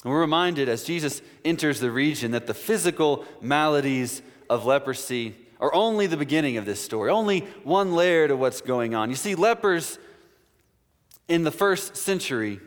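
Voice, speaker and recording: A male pastor with a somewhat high voice delivers a sermon in a church. His words trail off into a long reverb. He keeps it conversational and slips in playful asides. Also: expressive, normal speed. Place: church sanctuary.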